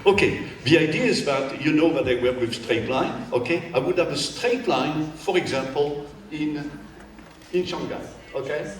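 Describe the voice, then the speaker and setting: Animated man in an echoey hall. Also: a little high, moderate pace. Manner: animated, playful, acts out scenes with quoted voices. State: tired from jet lag. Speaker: artist explaining his work. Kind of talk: informal gallery talk. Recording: echoey hall, mic at a distance, faint room noise.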